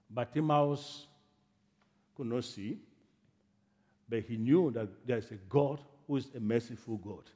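A man preaching a sermon, from Africa, telling the story dramatically, swinging from hushed to shouting. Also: medium pitch, in a large hall. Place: church in America.

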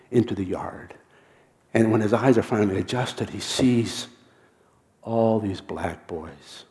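Gravelly low-voiced male preacher. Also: darkish tone. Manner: halting, repeats words, drops to a near whisper for quoted lines. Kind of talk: storytelling sermon.

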